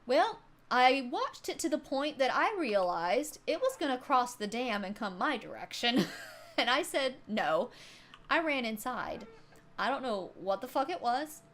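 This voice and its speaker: A woman's voice: high-pitched, sing-song, normal speed, a bit bright, a little hiss or hum. A woman livestreamer casually telling a story to her chat, swearing freely and laughing often.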